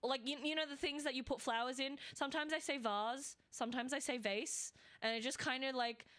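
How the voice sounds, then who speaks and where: A woman's voice: sits high, steady tone, fast, sharp tone. A woman with an Australian accent, chatting casually and rambling while streaming a game. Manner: rambling, chatty, with frequent fillers and laughs. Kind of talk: casual live gameplay stream chat.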